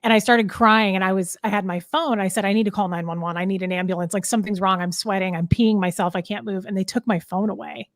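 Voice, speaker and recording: In a dry recording, a woman in her thirties talks fast, with hardly any pauses, in a steady mid-range voice. She's a podcast guest sharing a personal story in casual chat, frank and meandering, with plenty of fillers and false starts.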